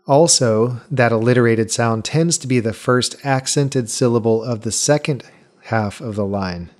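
A man's voice: fairly low pitch, darkish tone. A man hosting a podcast, earnestly explaining and correcting his own past mistakes in a careful monologue. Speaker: podcast host.

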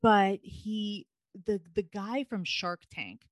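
A woman's voice: mid-range voice, slow pace, no room sound. A woman from New York, a podcast guest, telling stories in a chatty, frank way and swearing casually. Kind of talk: casual interview chat.

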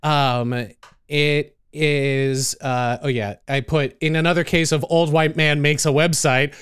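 High clear-voiced man telling a story. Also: level tone, measured pace, a bit bright, no room sound, studio quality. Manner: reads notes aloud, chatty with fillers and laughs. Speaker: podcast host presenting the story. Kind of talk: casual chat.

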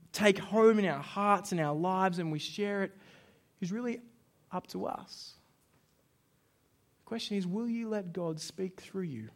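A man preaching a sermon, telling stories with acted-out dialogue. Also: high-pitched. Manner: storytelling, animated, plays out dialogue with shouts. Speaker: pastor.

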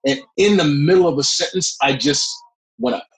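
A middle-aged man, a guest actor, telling a long behind-the-scenes story in a lively way, often breaking into laughs. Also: fairly high pitch, normal speed, poor audio. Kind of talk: anecdotal storytelling.

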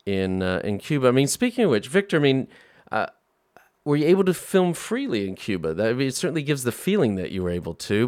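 A man's voice: mid-range voice, clear, resonant tone, dry recording, clean studio sound. A man hosting an interview, asking questions in a hesitant way, searching for words. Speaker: interview host.

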